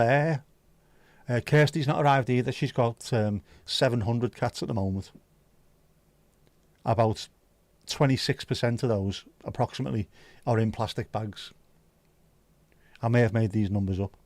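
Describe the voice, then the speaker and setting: A man's voice: mid-range voice, normal speed, a little mellow, no echo. A man hosting a livestream, chatting casually with viewers and teasing them. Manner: joking, teasing, chatty banter. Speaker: livestream host.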